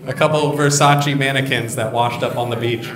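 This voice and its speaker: Man, stand-up comedian, crude teasing crowd work, echoey room, loud audience. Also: mid-range voice, steady tone, a little fast. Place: live comedy venue. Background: audience laughing.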